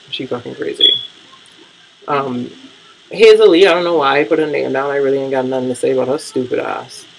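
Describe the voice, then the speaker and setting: A man's voice: mid-range voice, gravelly, slightly rough, poor audio. A man vlogging casual reality-TV commentary, blunt, profane and gossipy.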